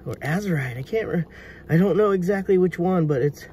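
A man prospecting in a hard rock mine, giving excited running commentary to his viewers as he works. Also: high voice, a little fast, far from the mic, noisy background. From United States. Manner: excitable, marvelling, talks to viewers.

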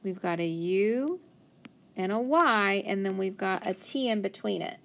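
Woman reading teacher, mid-pitched, unhurried, patient phonics coaching for kids. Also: gravelly. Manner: slow, patient, sounding words out. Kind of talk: phonics lesson for children.

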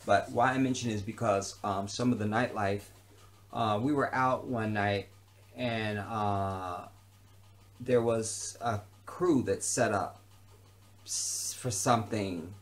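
A man's voice: fairly low pitch, steady tone, slow pace. Man ranting heatedly with blunt profanity. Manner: repeats himself for emphasis. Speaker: vlogger. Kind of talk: unscripted ranting monologue.

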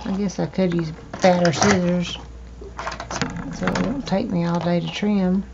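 A woman hosting a crafting video, chatting slowly to herself while she trims and glues, with hiccups now and then. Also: lowish voice, fairly even intonation, creaky. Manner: slow, chatty, talking to herself while working. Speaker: crafting channel host. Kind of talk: casual crafting narration. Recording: dull lo-fi home recording with faint noise.

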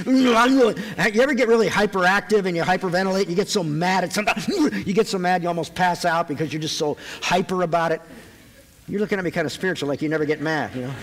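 A man preaching a sermon to a live audience, conversational and joking as he retells a Bible story. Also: sits high. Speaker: pastor. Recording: long hall reverb.

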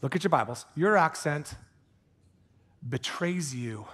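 A man with a fairly high voice preaches in a church, earnest and animated. He swings from urgent appeals down to a near-hush to press a point, then loosens into casual, joking asides. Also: a little slow. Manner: animated preaching, drops to hushed intensity for emphasis; jokey asides with put-on accents. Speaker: pastor. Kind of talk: sermon. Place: church sanctuary.

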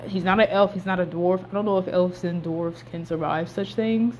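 Excitable young woman recapping a movie. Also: lowish voice, moderate pace, slight background noise. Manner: animated, slangy, swings between hushed and loud outbursts.

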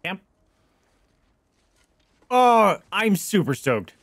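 A young man streaming a video game, reacting with excited, swearing commentary and yelling at the screen. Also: high-pitched, drawn-out words, no room sound.

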